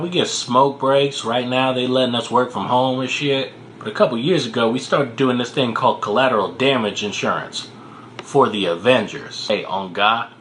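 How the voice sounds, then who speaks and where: A man's voice: medium pitch, fairly bright tone, a little hiss or hum, lightly acted. A man playing a fed-up male insurance clerk who rants crudely and profanely in a comedy sketch. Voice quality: crude, profane, exasperated ranting.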